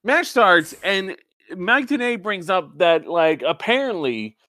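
A man's voice: sits high, very animated, takes it slowly, pushed and bright, no echo. A man co-hosting a casual wrestling recap, sarcastic and profane, joking with his co-host. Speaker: podcast co-host.

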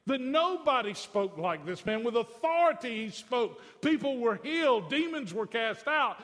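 A pastor with a very high, slightly bright voice preaches a sermon in a church sanctuary. He alternates between folksy, conversational asides and emphatic declarations, and the recording carries a long hall reverb.

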